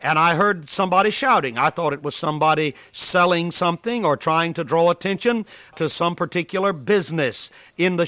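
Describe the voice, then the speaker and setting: A man's voice: high voice, a bit bright, dry recording. A man preaching a sermon, telling a story in an earnest, emphatic way.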